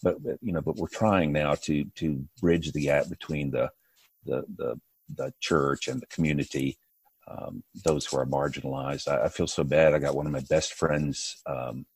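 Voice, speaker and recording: A man's voice: very deep voice, fairly even intonation, normal speed, husky, no room sound. A middle-aged man talking as a podcast guest, earnest and repeating words as he restarts his sentences. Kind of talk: casual podcast conversation.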